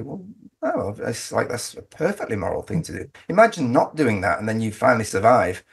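Man, very husky voice, emphatic interview guest, frequent restarts. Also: fairly low pitch, big pitch swings, brisk. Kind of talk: conversational interview.

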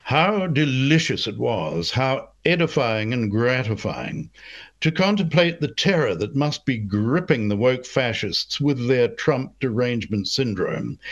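A man's voice: mid-range voice, a bit bright. A man reading scripted political commentary with sneering, ornate insults. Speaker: commentary host. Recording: slightly dull, muffled audio.

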